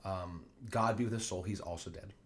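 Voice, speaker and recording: A man's voice: low-pitched, fairly even intonation, moderate pace. A man teaching a play line by line, reading quoted lines in raised voices and then explaining them plainly.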